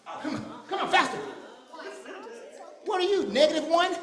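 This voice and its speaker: A playful man with a very high voice leads children through counting and chants. He teases and jokes energetically. His voice rings around a large echoey church hall with a crowd murmuring and faint music behind. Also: animated, normal speed. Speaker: VBS program leader. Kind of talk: leading children's activities.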